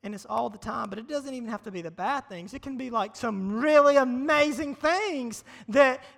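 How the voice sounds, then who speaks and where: A man preaches in a big hall, and his voice rings out with long reverb. It sits very high for a man and sounds bright and forceful. He talks to the crowd in a loose, joking way and repeats his lines to drive them home. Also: moderate pace, vocal fry. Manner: energetic, conversational, repeats phrases for emphasis. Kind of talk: casual, humorous sermon. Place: large hall before a live audience.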